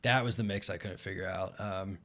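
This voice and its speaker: A man's voice: deep voice, steady tone, fairly quick, crowd noise. A man in his thirties hosting a casual live Q&A. He talks in a loose, rambling way, full of fillers. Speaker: podcast host.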